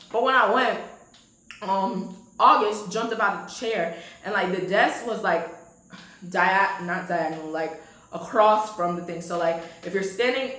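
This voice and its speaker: A young woman casually telling a storytime to her viewers, animated and laughing often. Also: reverberant, low-quality recording. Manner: animated, laughs often, swoops high when excited.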